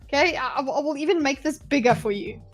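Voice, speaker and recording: A woman's voice: sits high, fast talker, faint music behind. A woman hosting a livestream and commenting on a debate clip. She talks bluntly and with animation, swears freely and breaks into laughs. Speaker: livestream host analysing a debate. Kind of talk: live reaction commentary.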